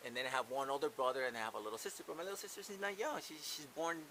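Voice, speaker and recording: A man in his thirties venting in a casual vlog, profane and getting louder as he rants about his family. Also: a little high, fairly even intonation, very fast, rough recording. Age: 30s. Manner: profane, venting, gets loud when worked up. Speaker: channel host. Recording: hissy background.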